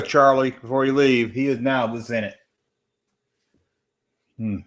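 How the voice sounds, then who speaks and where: A man, casually talking over a movie and reading chat aloud on a late-night stream. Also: mid-range voice. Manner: laid-back, rambling, jokey asides. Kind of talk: casual live commentary while reading chat. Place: home room, late at night.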